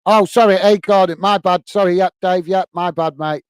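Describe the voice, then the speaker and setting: British bloke doing live footy commentary, fairly high voice, dry close mic, keeps saying mate. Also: male voice, steady tone, moderate pace, smooth, no room sound. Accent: British English. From England. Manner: calls "mate" often, blunt and chatty, gets openly irritated. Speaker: live match commentator and channel host. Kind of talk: live fan match commentary reading viewer comments.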